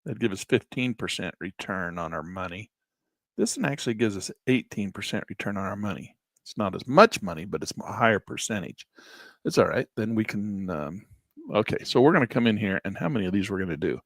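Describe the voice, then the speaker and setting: A man's voice: fairly low pitch, expressive, brisk, dry recording, studio quality. A middle-aged man, a trading instructor, casually thinking aloud through trades on a live screen-share.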